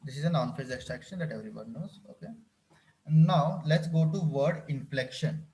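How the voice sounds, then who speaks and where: A man's voice: fairly high pitch, moderate pace, darkish tone. A man teaching a live coding class, often repeating phrases and checking whether his students follow. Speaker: instructor.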